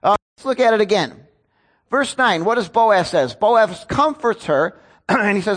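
A male preacher with a high voice, speaking to a congregation in a relaxed, conversational sermon. He slips into joking asides and acts out the lines of the people he quotes. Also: moderate pace. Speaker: pastor. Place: church before a congregation.

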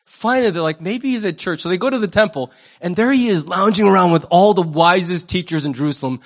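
Man, pastor, sermon, high voice, animated, humorous, conversational, asks audience questions. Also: fast talker.

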